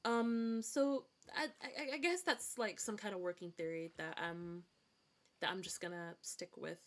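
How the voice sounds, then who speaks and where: A woman's voice: fairly low pitch, steady tone, a little slow. A woman streaming a game, chatting casually and rambling with frequent restarts and giggles, with a hard-to-place accent that mixes formal and informal words. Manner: rambling, self-correcting, giggly. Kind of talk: casual gaming stream chat.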